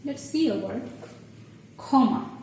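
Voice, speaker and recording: Lady teaching letters, patient step by step, kinda high voice, far off the mic in a real echoey room. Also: lively intonation, noisy background. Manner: patient, explains step by step, halting restarts. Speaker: Bengali language teacher. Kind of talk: explaining at a board.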